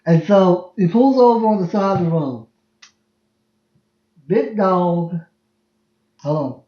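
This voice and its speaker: A man's voice: high voice, slow pace. Rambling young man in a roomy space. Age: 20s. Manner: rambling, laughing, repeats himself. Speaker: podcast host. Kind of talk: casual storytelling on a livestream. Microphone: phone livestream. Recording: roomy, dull lo-fi livestream sound.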